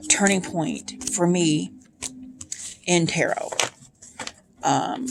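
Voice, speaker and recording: A woman's voice: lowish voice, gravelly. A woman tarot reader chatting casually to her viewers, full of ums and asides. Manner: chatty, many ums, speaks of feelings. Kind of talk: casual chat to camera.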